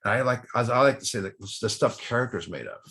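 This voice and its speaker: A man's voice: medium pitch, fast talker, pushed and bright. A man speaking to a recovery study group in a casual, rambling way with many restarts. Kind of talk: casual talk.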